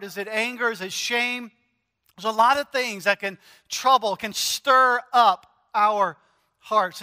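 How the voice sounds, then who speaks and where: A middle-aged man preaching a sermon in a conversational, joking way, quickly paraphrasing scripture quotes. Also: sits high, bright, forceful tone, in a large hall. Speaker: pastor. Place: large church hall.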